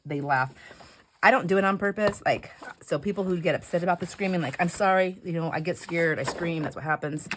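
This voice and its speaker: Chatty woman storyteller, low voice. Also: slight background noise. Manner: chatty storyteller, many fillers and "like", animated retelling. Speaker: craft vlogger. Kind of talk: casual chat while crafting.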